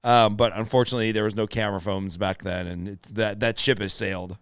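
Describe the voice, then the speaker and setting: A male podcast host chats casually with a friend. His voice is smooth and resonant, and the recording is dry and close. He speaks openly about his affection and laughs easily. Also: on the low side, fairly even intonation, no room sound. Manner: warm, affectionate, quick to laugh. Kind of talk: casual conversation.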